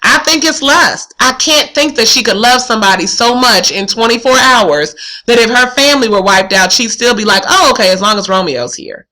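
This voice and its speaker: A woman teacher walks through a play in a casual, questioning way, thinking aloud. Her voice is high and bright, and her tone is conversational rather than lecturing. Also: normal speed, rough recording. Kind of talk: thinking-aloud literature lesson.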